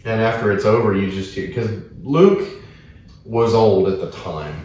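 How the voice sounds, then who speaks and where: A man's voice: on the low side, measured pace. Profane storytelling man, roomy echo. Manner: profane, animated anecdotes. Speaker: podcast co-host, wrestler. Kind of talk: casual storytelling chat. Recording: roomy echo, distant from mic.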